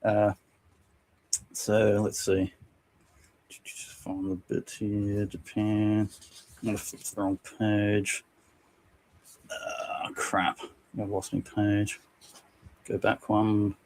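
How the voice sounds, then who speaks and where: A man's voice: on the low side, slow pace, long pauses. Man telling wrestling stories, laughing. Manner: laughs often while telling stories, animated voices for quotes. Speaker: podcast co-host. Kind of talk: casual podcast chat, reading anecdotes from a book.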